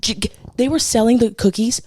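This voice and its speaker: A woman's voice: fairly high pitch, fairly quick, a little mellow, dry recording, clean studio sound. A woman co-hosting a podcast, telling a story in a chatty, gossipy way and swearing freely as she talks. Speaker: podcast co-host. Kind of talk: casual chat.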